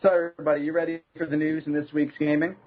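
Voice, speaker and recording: Husky-voiced Canadian man hosting a podcast. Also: fairly high pitch, flat delivery, very fast, phone-quality sound. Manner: upbeat, rambling introductions. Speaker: podcast host. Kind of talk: casual panel chat.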